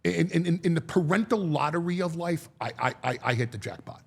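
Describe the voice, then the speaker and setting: A middle-aged man telling stories in a sit-down interview, animated and prone to repeating words, acting out the voices of the people he quotes. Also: on the high side, brisk, vocal fry, husky. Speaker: guest.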